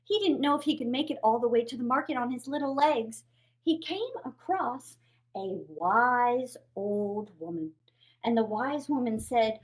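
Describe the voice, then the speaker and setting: A woman's voice: on the high side, animated, a little slow. A woman hosting a children's storytime, playfully reading a fairy tale aloud with puppets. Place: home, recorded for a livestream.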